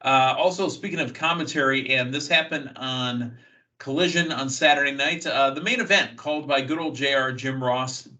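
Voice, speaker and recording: A man from the United States hosting a wrestling news podcast, chatty and filling pauses with uh and you know. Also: mid-range voice, bright, forceful tone, low-quality recording. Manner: chatty, thinks aloud with many fillers. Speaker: podcast host. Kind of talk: casual wrestling news talk.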